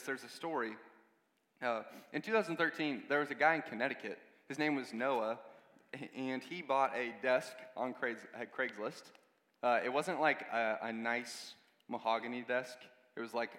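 A man's voice: mid-range voice, a bit bright. Guy preaching a chatty sermon, lots of asides, long echo from the hall. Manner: conversational, with many asides and repeated words.

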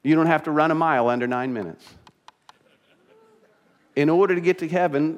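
A man's voice: on the high side, fairly quick, pauses often. Man preaching in a reverberant hall. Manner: earnest, rising to emphatic preaching with repeated phrases. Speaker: pastor. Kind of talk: sermon. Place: church sanctuary. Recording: long reverb in a church hall.

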